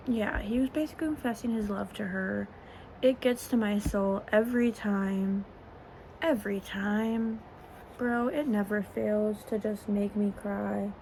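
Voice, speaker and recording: Slow, gushing young woman vlogger. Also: a little high, creaky, a little mellow, slight background noise, rough recording. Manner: gushing, rambling, fangirling. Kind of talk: casual get-ready-with-me vlog. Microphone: phone camera, as on a video call.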